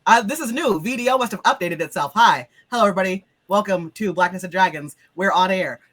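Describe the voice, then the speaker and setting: A woman hosting as game master, her voice lower than usual because she is sick, in a chatty opening. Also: fast, fairly bright tone. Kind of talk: casual stream opening.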